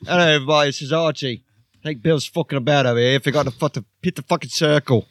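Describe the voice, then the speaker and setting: A man voicing an angry, foul-mouthed young British lad who shouts and swears constantly. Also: a little high, fairly even intonation, fast, dry recording, clean studio sound, voice pushed up, close to an everyday voice. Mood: angry shouting.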